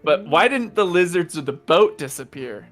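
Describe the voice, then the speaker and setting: A high-pitched man playing in a tabletop game, relaxed and joking, often breaking into laughs. Faint music runs quietly under his voice. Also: normal speed. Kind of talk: in-character tabletop roleplay.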